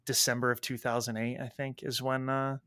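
A man's voice: mid-range voice, a little fast, a loud crowd. A man in casual chat as podcast co-host, telling stories animatedly and swearing freely. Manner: animated, profane storytelling.

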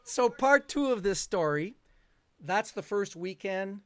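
Older guy as a rambling, chuckling guest storyteller; slightly high voice, dry close sound. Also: expressive, takes it slowly, no room sound. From Canada. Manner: rambling, chuckling, full of fillers. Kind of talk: storytelling in a conversation.

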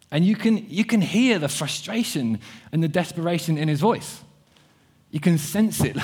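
This young male preacher speaks at normal speed in a slightly high voice with a breathy edge. He thinks aloud earnestly, frequently repeating words, and alternates between hushed and lively moments.

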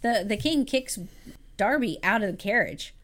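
A woman's voice: fairly high pitch, expressive, normal speed, fairly bright tone. Chatty laughing woman recapping a film. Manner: chatty, laughing, playfully scolding. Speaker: podcast co-host. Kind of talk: casual chat recapping a film.

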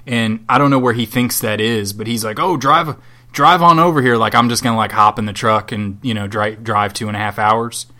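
A man's voice: on the low side, level tone, a little fast, hardly any pauses, pushed and bright. A man co-hosting a podcast from Southwest Florida, chatting casually in a rambling, sardonic and profane way. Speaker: podcast co-host. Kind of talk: casual chat.

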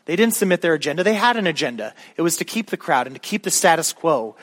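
A man preaching a sermon as a pastor, in a conversational, animated way with frequent "all right?" asides to the congregation. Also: fairly high pitch, fast talker.

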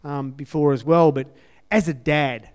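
A man's voice: a little high, fairly even intonation, measured pace, a little mellow, clean tone. A man giving a conversational sermon testimony in an earnest way, repeating his key phrases. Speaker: church speaker sharing testimony.

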